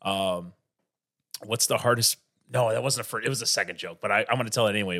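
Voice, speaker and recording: Male comedian guest with a bright, forceful voice; rambling, swears a lot. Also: on the low side, quick pace. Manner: rambling, profane, many fillers and restarts. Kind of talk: casual podcast chat.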